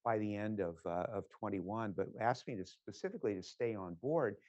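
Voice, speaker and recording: An older man with a lowish voice tells stories during a lecture, wandering through asides and hesitant pauses. The recording sounds dry and slightly muffled. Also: darkish tone, no echo. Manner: conversational, rambling, many filler pauses. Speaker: physician giving a lecture. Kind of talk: lecture with personal anecdotes.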